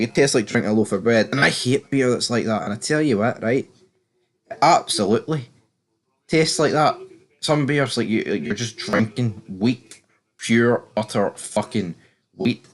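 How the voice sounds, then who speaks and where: A young British man giving a casual, opinionated recap of a TV episode, swearing freely and jumping up in pitch when he exclaims. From Britain. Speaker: TV show reviewer. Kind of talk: casual spoken recap and commentary.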